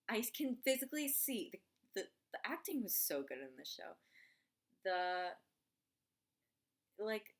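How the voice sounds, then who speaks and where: A woman chatting casually as a video host at home, gushing and excitable, with lots of "like" in her talk. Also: lowish voice. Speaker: video host reviewing a TV show. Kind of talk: casual chat. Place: room at home with a heater running.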